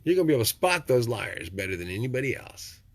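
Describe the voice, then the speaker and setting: An older man from Texas giving a rambling, preachy motivational talk, swinging from low and quiet to loud. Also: sing-song, quick pace, a little hiss or hum. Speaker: vlogger.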